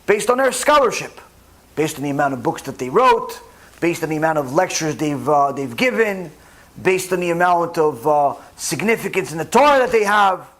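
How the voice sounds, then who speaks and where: A man rabbi telling a story in a sermon, animated and emphatic, rising in pitch and volume at key points. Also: normal speed.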